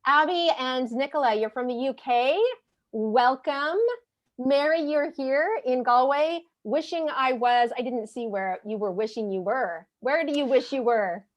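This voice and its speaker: A high-pitched, slightly slow American woman hosts an interactive online leadership webinar as a leadership trainer. She's friendly and chatty with many ums, heard through a video-call microphone.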